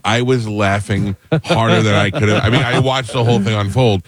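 A middle-aged man hosting a talk show, telling funny stories in an animated, chatty way and acting out the quotes. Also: lowish voice, a little fast, a little hiss or hum. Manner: animated storyteller, acts out quotes. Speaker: radio show host. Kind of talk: casual storytelling chat.

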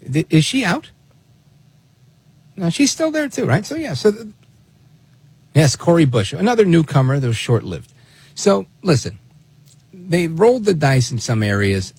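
A man's voice: a little high, gravelly, a little mellow, breathy edge, dry recording. A man hosting political commentary, who talks in a sarcastic, exasperated way and fires off rhetorical questions. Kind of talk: opinionated commentary on played clips.

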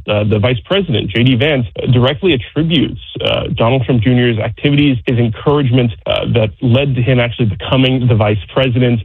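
A male reporter's voice comes through a narrow, tinny phone line, slightly husky and dry. He explains the news in a measured, informative way, with filler uhs here and there. Nothing in the room adds echo. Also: mid-range voice.

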